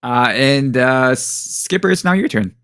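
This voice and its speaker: Man as game master for a tabletop game, slow and bright, dry close sound, casual with lots of ums. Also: mid-range voice, expressive, clear, resonant tone, no room sound. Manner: casual, hesitant, with many fillers and chuckles.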